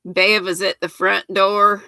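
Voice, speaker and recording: A woman's voice: medium pitch, flat delivery, takes it slowly, pushed and bright, no room sound. An older woman from North Carolina with a Southern accent, hosting a live stream and chatting casually with viewers, greeting them by name and laughing often. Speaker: livestream host.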